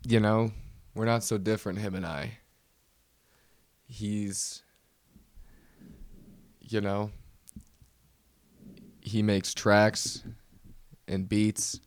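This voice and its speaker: Slow-talking low-voiced male podcast host. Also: level tone, dry recording. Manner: nervous, self-mocking rant. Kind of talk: solo comedy podcast monologue.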